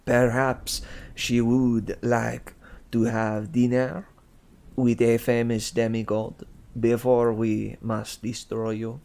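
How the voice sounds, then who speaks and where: A man voicing a pompous male demigod with a put-on, bad French accent, speaking slowly and smugly. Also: medium pitch, flat delivery, vocal fry, a little mellow. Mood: smug flirting. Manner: slow, smug, drawn-out delivery.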